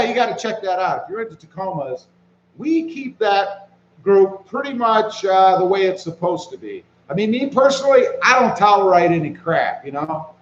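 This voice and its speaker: A man hosting a casual live stream, reading viewer comments aloud and greeting people by name in a relaxed way while he walks around with his phone. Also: high voice, roomy sound, lo-fi sound, a little hiss or hum. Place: walking around outdoors.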